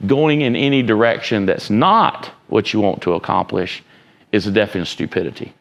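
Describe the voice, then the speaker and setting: Male motivational speaker, low gravelly voice, emphatic off-the-cuff delivery that quizzes the room. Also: lively intonation, a little fast, a bit bright. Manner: emphatic, rambling, asks the room questions. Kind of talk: informal motivational talk to students.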